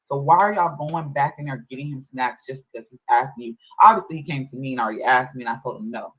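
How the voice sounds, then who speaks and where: A woman's voice: a bass voice, expressive, quick pace, a bit bright, poor audio. Venting mother on a livestream. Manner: venting, complaining about chores. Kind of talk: casual livestream chat.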